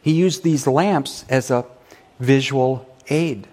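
A man's voice: mid-range voice, takes it slowly, a little mellow. A male pastor preaching an emphatic sermon to his church, now and then calling on the congregation to answer or read along. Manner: emphatic preaching with call-and-response asides. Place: church sanctuary.

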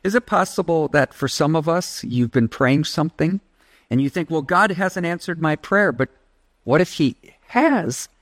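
A man's voice: a little high, lively intonation, moderate pace, no echo. A man preaching a sermon as pastor, emphatic, leading the congregation in call-and-response.

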